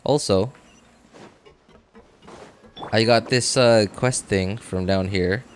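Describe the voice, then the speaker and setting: A man's voice: on the low side, takes it slowly, a little hiss or hum. A man chatting casually on a gaming live stream, rambling and self-deprecating, full of fillers like "like" and "uh". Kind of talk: casual live-stream chat while playing.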